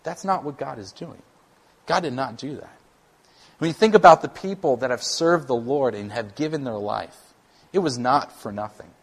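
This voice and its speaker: A man, a worship pastor, preaching a conversational sermon, animated and at times self-deprecating. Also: mid-range voice, moderate pace, breathy edge.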